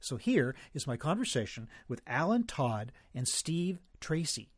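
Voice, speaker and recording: A man hosting an interview podcast, reading a scripted introduction and then asking guests measured questions. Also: a little high, sing-song, no room sound, clean studio sound. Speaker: podcast host.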